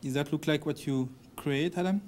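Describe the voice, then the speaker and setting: A man's voice: fairly high pitch, moderate pace, darkish tone, slight background noise. A man in his thirties with a French accent, demonstrating chocolate work as a TV pastry chef, giving playful step-by-step instructions. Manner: chatty, joking, step-by-step instructions. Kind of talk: cooking demonstration. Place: TV kitchen studio.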